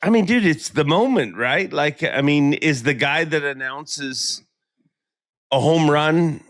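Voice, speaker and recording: Male podcast host, lively up-and-down delivery, jokey and loose, lots of false starts. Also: on the high side, slow. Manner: animated, joking, rambling with many restarts. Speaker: podcast host and tournament emcee. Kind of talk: casual chat.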